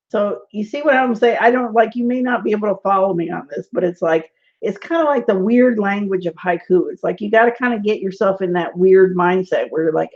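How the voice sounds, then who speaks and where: A chatty woman teaches tarot in a loose, rambling online class, her voice sitting at a middling pitch. She laughs often and scatters "like" through her sentences. The audio is dull and lo-fi, as if from a computer mic on a video call. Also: a little fast, a little mellow.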